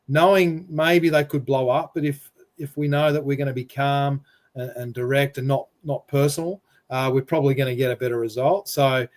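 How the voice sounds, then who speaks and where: A man, a football referee coach, telling a relaxed story full of fillers over a video call. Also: a little high.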